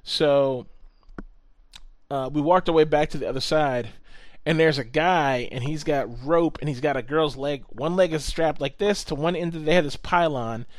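A man telling a story in casual chat, animated, swearing often and acting out what people said. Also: on the high side, normal speed, dry recording.

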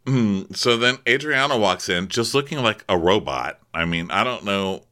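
A man's voice: on the low side, expressive, moderate pace, bright, forceful tone. A man co-hosting a podcast, sarcastically recapping a reality show in casual chat. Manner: chatty, sarcastic, laughs often. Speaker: podcast co-host.

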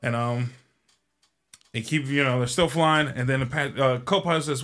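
A man's voice: medium pitch, moderate pace, a bit bright. A man hosting a show who tells a long joke in a rambling, casual way, swearing freely and filling his speech with ums. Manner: rambling and profane, with frequent fillers. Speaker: show host.

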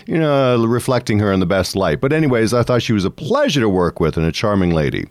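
A man's voice: fairly low pitch, big pitch swings, quick pace, darkish tone, dry recording. A man hosting a talk show, chatting and reminiscing with his guest. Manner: conversational, reminiscing. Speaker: host. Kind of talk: casual interview chat.

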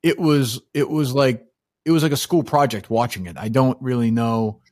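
A man's voice: medium pitch, moderate pace, a little mellow, no echo, studio quality. A man co-hosting a casual movie podcast, blunt and opinionated, rambling through his points. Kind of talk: casual movie-discussion chat.

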